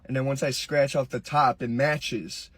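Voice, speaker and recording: A man's voice: medium pitch, fairly even intonation, unhurried, a bit bright, slightly rough, no room sound. A laid-back man tells a dream storytime, tossing in spoken sound effects. He is recorded dry and close, with no room sound. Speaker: TikTok creator. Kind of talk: casual storytime.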